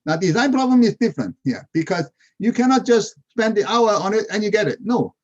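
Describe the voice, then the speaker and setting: A man guest professor giving a webinar lecture in non-native English, animated, with rhetorical questions and laughter at his own points, heard over video call audio. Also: sits high, brisk, dull audio. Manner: non-native English with dropped verb endings.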